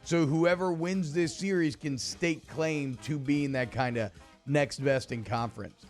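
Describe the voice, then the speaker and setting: Chatty sports radio host. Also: male voice, a little high, unhurried, faint music behind. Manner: chatty, energetic, loose. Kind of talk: casual sports talk radio.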